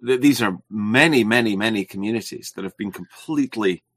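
A man with a deep, husky voice hosts a casual conversation, easing along with plenty of hesitation. The recording is close and dry. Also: brisk, no echo. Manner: relaxed, rambling, hesitant.

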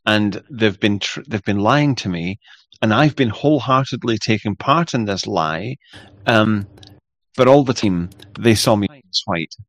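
A man's voice: on the low side, unhurried, a bit bright, no echo. A man hosting a casual interview, speaking reflectively and often restarting his sentences.

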